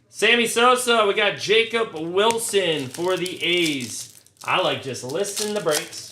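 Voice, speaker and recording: A man's voice: a little high, unhurried, bright, forceful tone. A man hosting a casual card break who lists the hits and rants between them in a blunt, profane, sarcastic way. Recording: echoey room, faint noise. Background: crinkling card wrappers, clicks.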